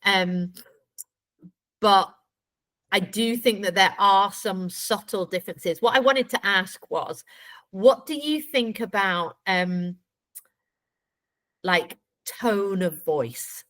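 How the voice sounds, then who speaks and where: A British woman in relaxed conversation, chatty and anecdotal. She tells stories readily and laughs often, with a voice of middling pitch. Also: slow pace, pauses often, rough recording. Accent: British English. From Britain. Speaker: guest, life coach. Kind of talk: casual conversation.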